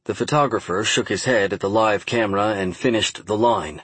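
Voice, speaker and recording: A man giving steady, measured audiobook narration. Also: on the low side, breathy edge, no room sound. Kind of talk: scripted narration.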